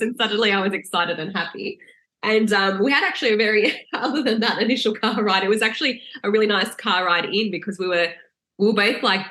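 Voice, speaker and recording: A bright-voiced woman tells her birth story casually on a podcast, laughing often and acting out the lines she quotes. Her voice has a roomy, echoey sound. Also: medium pitch. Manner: lively, laughing, acts out quoted lines in a raised voice. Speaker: podcast guest.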